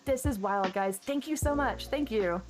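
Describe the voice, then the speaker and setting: A woman's voice: on the high side, normal speed. A woman streamer chatting casually on a live stream, thanking viewers effusively and rambling with lots of restarts. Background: background music.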